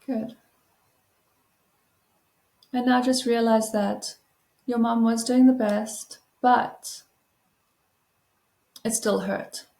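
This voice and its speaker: Soothing woman guiding slow breathing. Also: fairly high pitch, fairly even intonation, gravelly, roomy sound. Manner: soft, soothing, reassuring. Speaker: trauma-informed healing coach. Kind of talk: gentle guided breathing and self-help talk.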